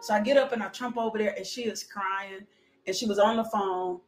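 A woman preaching a sermon with a personal testimony, animated and calling out with bursts of praise. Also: medium pitch, a little fast. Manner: animated, shouting "woo", laughing. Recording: echoey room with music behind.

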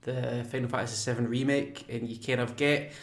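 A man's voice: mid-range voice, level tone, brisk. A man co-hosting a podcast, talking casually with many ums and little laughs. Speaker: podcast co-host. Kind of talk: casual chat. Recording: roomy echo.

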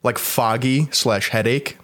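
A man's voice: medium pitch, slow pace, a bit bright. A young man co-hosting a podcast remotely, talking casually while sick, his voice stuffy and congested, swearing and laughing often. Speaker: podcast co-host. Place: not in the studio.

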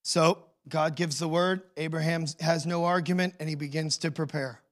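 A man preaching a sermon as pastor, telling the story with swings between hushed and loud emotional delivery. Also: a little high, fairly even intonation, normal speed.

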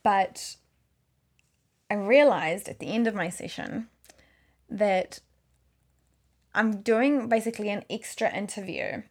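A woman's voice: mid-range voice, lively intonation, slow, long pauses, darkish tone. Chatty New woman. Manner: chatty, rambling, self-correcting. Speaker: video maker. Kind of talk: casual chat.

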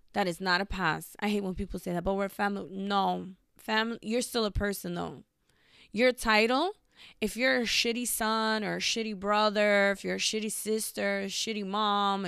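A woman's voice: medium pitch, creaky, fairly bright tone, clear, resonant tone, dry recording, studio quality. A young woman hosting a talk show, speaking bluntly and emphatically in a casual monologue. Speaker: podcast host.

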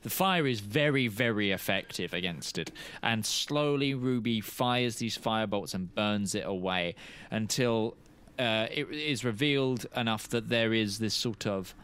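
A man narrating as game master of a tabletop game, pausing often and searching for words. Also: lowish voice, a bit bright, clear, resonant tone. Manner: halting, searching for words with many fillers.

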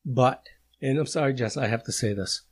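A man chats on a podcast with a husky, breathy voice at a middling pitch. He gets emotional and halting, stopping and restarting his sentences. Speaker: podcast host. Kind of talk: casual podcast chat.

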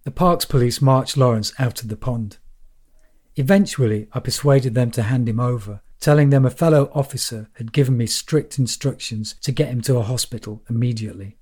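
A man reading a first-person story aloud in a measured, wry storytelling manner. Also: medium pitch, a little mellow, slightly rough. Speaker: audiobook narrator.

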